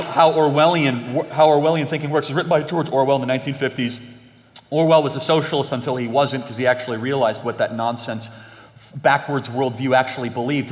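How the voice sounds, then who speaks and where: A young man in animated conversation, talking emphatically and acting out exchanges he quotes. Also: mid-range voice. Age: young adult. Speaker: guest. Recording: long hall reverb.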